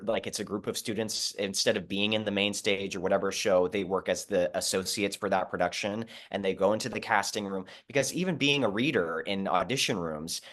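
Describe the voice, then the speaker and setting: A young man with a fairly low voice talks through his theater experience in an interview. He is earnest and animated, often restarting sentences and filling with "like". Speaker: Broadway performer and associate. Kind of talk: conversational interview.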